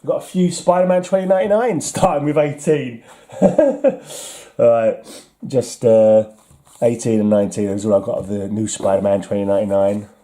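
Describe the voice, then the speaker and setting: Dark-voiced English man sorting comics. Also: fairly low pitch, normal speed. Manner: wry, chuckling, self-mocking. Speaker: comic collector vlogger. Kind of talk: casual talk while sorting comics.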